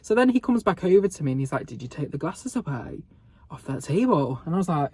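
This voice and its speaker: A man's voice: a little high, very animated, quick pace, darkish tone, breathy edge, dry recording. A young man vlogging, telling a gossipy story in a sweary, sarcastic way and laughing often, filmed on a phone camera. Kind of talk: casual storytelling mukbang.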